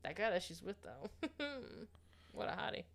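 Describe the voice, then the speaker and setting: A woman co-hosting a podcast in casual chat, blunt and chatty, quick to laugh. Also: mid-range voice, animated, creaky. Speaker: podcast co-host.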